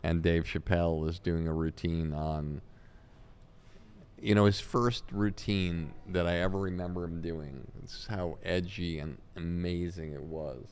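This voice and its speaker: A man's voice: low voice, unhurried, smooth. A man, a comedy talent manager, telling long anecdotes in an interview and acting out what people said. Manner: animated anecdotes, acts out quotes. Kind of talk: storytelling in an interview.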